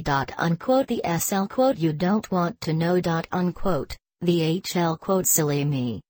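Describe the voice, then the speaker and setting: Low-voiced woman reading text deadpan. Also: dry recording. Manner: deadpan, reads punctuation marks aloud. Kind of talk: reading a written text aloud.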